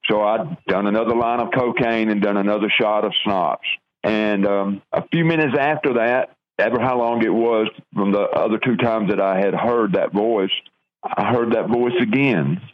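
Older southern-raised man, earnest halting testimony, low voice, dry muffled radio audio. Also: no echo. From American South. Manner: earnest, halting storytelling with restarts. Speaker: guest telling his testimony. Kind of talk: personal testimony.

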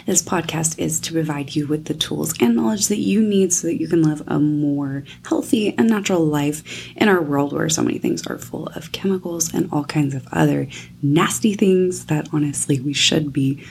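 A woman hosting a wellness podcast, chatting casually with lots of fillers, her voice scratchy and raspy today. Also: sits low, moderate pace, a little mellow. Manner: chatty, informal, many fillers. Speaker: podcast host and nutrition coach. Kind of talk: casual solo podcast talk.

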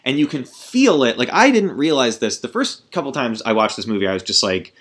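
A man's voice: medium pitch, very animated, a little fast, a bit bright. A man hosting a podcast, ranting about a film in a rambling, exasperated way, with profanity and many restarts. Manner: rambling, exasperated, swearing, full of restarts and asides. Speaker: podcast host. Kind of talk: casual film-review rant.

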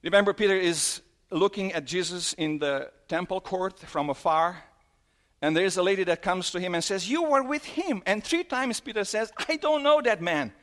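Speaking at a moderate pace, this preacher asks questions and recounts scripture scenes during his sermon, going quiet and low whenever the moment turns emotional.

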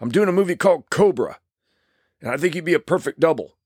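A gruff, gravelly veteran stunt coordinator with a macho swagger, barking short questions, as a man puts him on in a story. The voice sits noticeably high and tight, and it is recorded close and dry. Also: lively intonation, fast talker, darkish tone, dry recording. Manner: macho, brusque.

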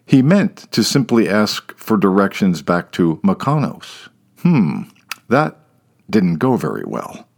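A male storyteller with a lowish voice narrates a comic tale. He is wry and playful, and his pitch rises and falls widely.

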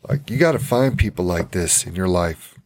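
A man's voice: deep voice, animated, normal speed, a little mellow. Emotional man teaching the Bible. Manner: passionate, repeats phrases for emphasis. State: teary, emotional. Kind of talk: informal Bible study sermon.

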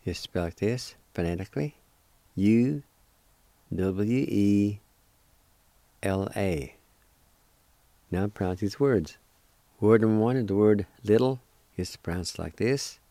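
A male radio host giving a language lesson, spelling and pronouncing words slowly and deliberately. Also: fairly low pitch, mellow, no room sound.

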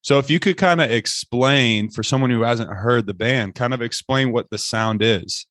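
A man hosting a casual interview, easygoing and quick to agree and laugh. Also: medium pitch, a bit bright, no echo, clean studio sound. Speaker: podcast host.

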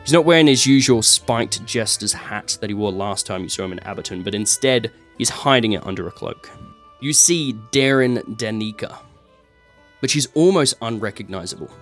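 A man's voice: on the low side, lively intonation, moderate pace, soft background music. A man narrating a tabletop game as game master, describing scenes with many fillers and sound effects.

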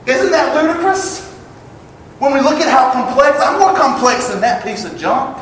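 A man preaching a sermon to his congregation, emphatic and building to loud exclamations. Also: extremely high pitch, big pitch swings, normal speed, far from the mic, a little hiss or hum. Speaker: pastor. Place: church sanctuary. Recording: echoey hall, picked up from afar.

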